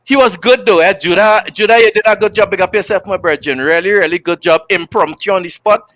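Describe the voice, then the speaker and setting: A young Trinidadian man with an unusually high voice, bright and forceful. He hosts a relaxed aftershow chat, animated and joking, full of local slang. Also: a little fast, no room sound. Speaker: host. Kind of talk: casual chat.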